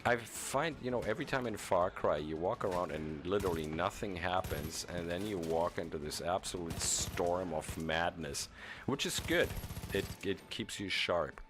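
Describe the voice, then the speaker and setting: A man's voice: low-pitched, animated, normal speed, a bit bright. A man from Germany chatting casually while streaming a video game, rambling with chuckles and frequent restarts. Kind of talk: casual gaming stream commentary.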